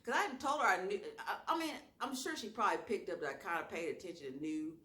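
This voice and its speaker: Southern woman storytime vlog, animated and chatty with slang, echoey room. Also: medium pitch, quick pace. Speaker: YouTuber telling a story.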